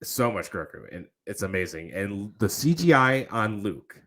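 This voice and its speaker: A man co-hosting a casual podcast, excitable and profane, often acting out characters' lines in a higher voice. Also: moderate pace. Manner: excitable, swears a lot, acts out characters' lines. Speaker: podcast co-host.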